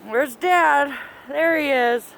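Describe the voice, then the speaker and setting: A woman with a high, gravelly, slightly bright voice speaks slowly over faint background noise. She's outdoors in a snowstorm, holding her phone to narrate a home video diary, chatty and a bit out of breath. She laughs often and talks to her pets in this casual handheld narration.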